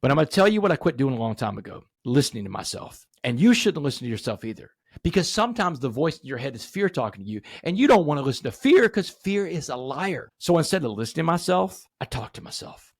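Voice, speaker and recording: A man in his forties, a podcast guest, telling his story emphatically and rising to animated peaks. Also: a little high, quick pace, hardly any pauses, no echo, clean studio sound. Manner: addresses host directly, asks rhetorical questions. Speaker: podcast guest, motivational speaker.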